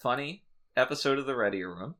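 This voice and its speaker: A man's voice: mid-range voice, animated, fairly quick, a bit bright. A man co-hosting a casual comedy podcast, trading crude jokes and banter. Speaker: podcast co-host.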